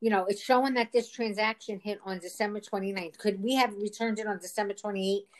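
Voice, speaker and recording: A woman's voice: medium pitch, fairly even intonation, fairly quick. A woman in casual conversation, retelling a frustrating ordeal in a rambling, exasperated way, quoting what others said. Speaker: storyteller. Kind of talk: casual phone chat.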